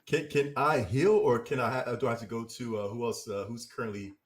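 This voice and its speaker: A man playing a tabletop game, asking halting, hesitant questions in casual chat. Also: medium pitch. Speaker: player.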